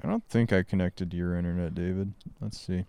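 Chill guy w a lowish voice on a podcast, giggles a lot. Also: steady tone, brisk, vocal fry, dark tone, smooth. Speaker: podcast co-host. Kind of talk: casual chat.

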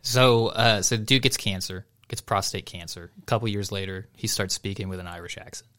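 A man's voice: lowish voice, fairly even intonation, a little fast, bright, forceful tone. A man co-hosting a casual podcast, reading a news article aloud and chatting, laughing often as he goes.

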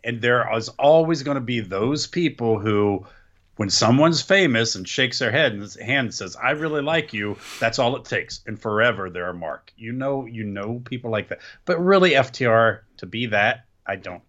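A man's voice: medium pitch, expressive, normal speed, fairly bright tone, highs cut off. A man co-hosting a casual podcast, dry and grumbling in his asides. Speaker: podcast co-host. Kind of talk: casual wrestling chat.

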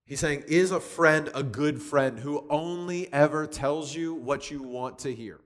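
A man giving a conversational sermon, lively and chatty, often restarting with repeated words. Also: a little high, a little slow, few pauses. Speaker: youth speaker teaching from Proverbs.

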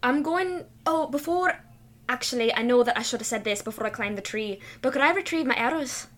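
A woman's voice: on the high side, brisk, a bit bright. A woman as a player in a tabletop game, chatting casually and describing her character's actions with many fillers.

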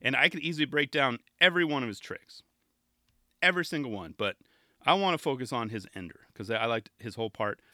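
A man's voice: medium pitch, lively intonation, fast talker, pushed and bright, no echo, clean studio sound. A man hosting a podcast on his own, chatting casually and enthusiastically, often restarting his sentences. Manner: rambling, enthusiastic, self-interrupting. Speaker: podcast host. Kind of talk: casual solo podcast talk.

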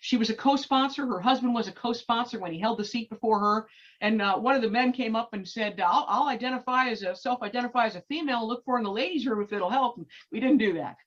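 Middle-aged woman guest retelling events with animated, stumbling drive; fairly high voice, muffled recording. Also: quick pace. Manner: animated, many repeated restarts. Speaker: activist guest. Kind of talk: storytelling interview. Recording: dull lo-fi recording.

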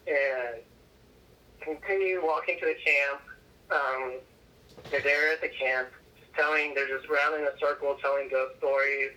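A man's voice: medium pitch, fairly even intonation, measured pace, bright, forceful tone, distant mic, rough recording. A man co-hosting a podcast, casually retelling a movie plot with lots of fillers and swearing. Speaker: podcast co-host. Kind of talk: casual movie recap chat.

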